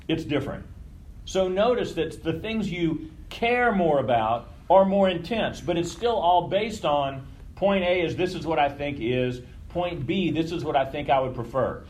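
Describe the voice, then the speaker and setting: A man's voice: a little high, expressive, unhurried, rough recording. A man leading a group session in a casual teaching talk, conversational, swearing freely and often checking in with his listeners. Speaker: workshop leader.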